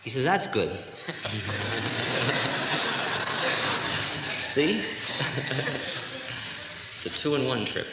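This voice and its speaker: A man in his forties gives a spiritual talk to a live audience in a lecture hall, telling stories with a chuckle in his voice. The old recording rings with long hall reverb and a steady hiss underneath. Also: medium pitch, drawn-out words, vocal fry, pauses often. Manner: humorous, storytelling, chuckling. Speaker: spiritual teacher.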